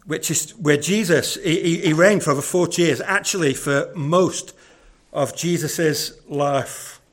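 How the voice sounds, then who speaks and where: Male preacher, higher-pitched, conversational sermon delivery with earnest repeats. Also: a little slow.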